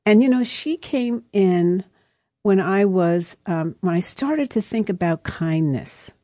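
Chatty woman radio host, mellow voice. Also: mid-range voice, animated, takes it slowly, no echo, clean studio sound. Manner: chatty, anecdotal, rambling with restarts. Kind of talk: storytelling on live radio. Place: radio studio. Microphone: studio microphone.

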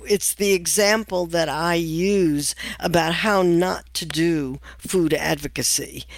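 A woman's voice: fairly low pitch, no echo. An older woman, a nutritionist guest in an interview, telling stories in a wry, amused way and laughing as she talks. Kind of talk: conversational interview.

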